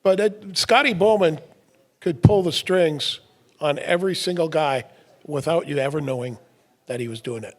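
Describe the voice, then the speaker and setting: A middle-aged man with a notably high-pitched speaking voice hosts a relaxed podcast conversation. He tells stories with plenty of energy, laughs often and acts out other people's lines as he goes. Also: normal speed. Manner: animated storyteller, laughs often, acts out quotes. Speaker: podcast co-host. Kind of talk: casual chat.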